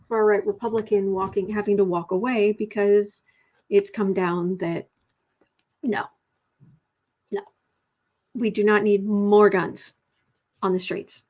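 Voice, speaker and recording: A woman giving a casual tarot reading, chatty, breaking off now and then to coo and whisper softly to her cat. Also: medium pitch. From United States. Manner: chatty, drops to soft coos and whispers talking to her cat. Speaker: tarot reader.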